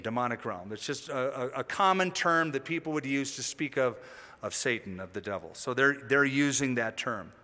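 A man preaching a sermon, telling the story lively and acting out the figures' lines. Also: a little high, in a large hall. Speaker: pastor.

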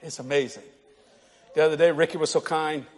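A middle-aged man preaches to a congregation in a church hall, delivering a humorous storytelling sermon. His voice sits on the high side, with fairly even intonation and a fairly quick pace. He tells funny stories, laughs often, and acts out the people in them.

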